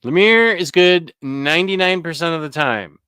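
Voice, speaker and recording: A man's voice: a little high, animated, normal speed, bright, forceful tone, clean tone, no echo, studio quality. A man hosting a casual live chat about comics, laughing often and greeting viewers. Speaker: host.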